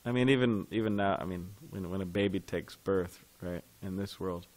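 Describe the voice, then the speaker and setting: A man's voice: low-pitched, moderate pace, a little mellow. A man teaching a devotional scripture class in a temple, talking in a loose conversational way and putting questions to his listeners.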